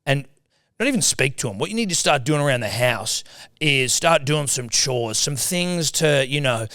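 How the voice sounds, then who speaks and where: A man's voice: mid-range voice, expressive, moderate pace, fairly bright tone, dry recording. A man with an Australian accent co-hosting a podcast, crude and playful as he riffs with his partner. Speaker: podcast co-host. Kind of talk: casual banter.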